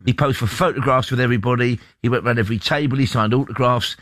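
Brisk man hosting a radio phone-in, dry studio mic. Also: mid-range voice, a bit bright, no room sound. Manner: brisk, enthusiastic.

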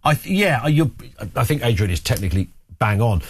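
A man hosting a talk radio phone-in, with the joking, rambling manner of a chat between callers. His pitch swings a lot as he tells stories. The tone is middling for a man. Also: fairly quick, husky. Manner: chatty, jokey, lively storytelling. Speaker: radio talk show host.

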